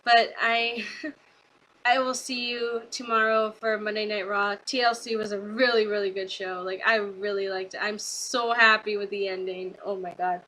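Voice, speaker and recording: A young woman vlogger recapping a wrestling show in a casual, rambling way, gushing with excitement and full of fillers. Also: mid-range voice, normal speed, slight background noise, rough recording.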